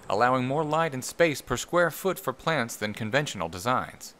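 A man's voice: medium pitch, fairly bright tone, pitched above the performer's own voice, close to an everyday voice. A man putting on his best documentary-narrator voice, reading facts in a stiff, announcer-like way. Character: mock documentary narrator, male, formal.

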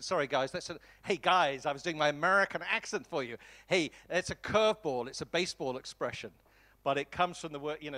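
A man gives an animated master class lecture on storytelling to film students. His voice sits fairly high and jumps upward when he gets excited. He often stumbles over restarts and repeated words as his thoughts race ahead.

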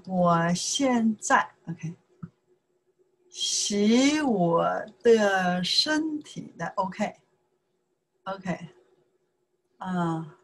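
A woman with a Chinese accent teaches an informal language lesson, going very slowly and circling back over each phrase. Her voice is a little husky and breathy, and she keeps checking in with the learner as she explains. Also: mid-range voice, low-quality recording. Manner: slow, repeats words, says okay often.

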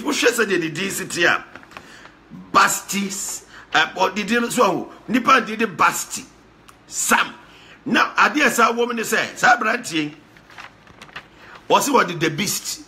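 A man with a Ghanaian accent giving lively, repetitive casual commentary, slipping between Pidgin and Twi. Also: high voice.

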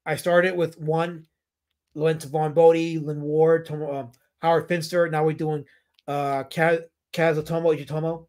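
A man's voice: fairly high pitch, level tone, normal speed, a little mellow. A man hosting a casual livestream about comic artists, rambling, answering his chat and putting on playful mock outrage.

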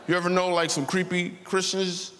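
Sitting high with a level tone, normal speed and a fairly bright quality, this man in his thirties tells a story and plays its voices in a stand-up set at a church. A little hiss or hum is present. The large auditorium is reverberant, with faint ambience.

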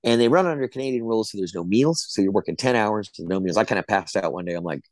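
A man's voice: fairly low pitch, fast talker, no room sound. A middle-aged man, an actor being interviewed, telling casual anecdotes and acting out the quotes. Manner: chatty storyteller, acts out quotes. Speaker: actor guest.

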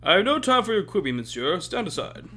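A pompous bird lawyer declares in stiff, formal legalese, as a man acts him out in a game. His pitch leaps up and down. Faint music plays behind him. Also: very animated, quick pace, pushed and bright, full character voice. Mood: commanding. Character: pompous bird defense attorney, male, sharp.

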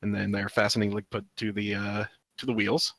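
A man's voice: lowish voice, little pitch movement, brisk, a crowd in the background. Giggly man reading a comic aloud. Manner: giggly, reads out panel dialogue in silly voices. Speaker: podcast co-host. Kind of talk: comedic reading of a webcomic.

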